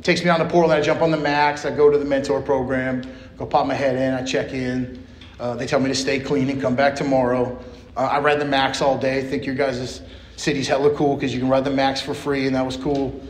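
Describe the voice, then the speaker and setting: A man's voice: mid-range voice, a little hiss or hum. A young man speaking at a recovery meeting, telling his story in a casual, streetwise way, full of "man" and "you know.". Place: meeting hall. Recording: echoey meeting room with faint ambience.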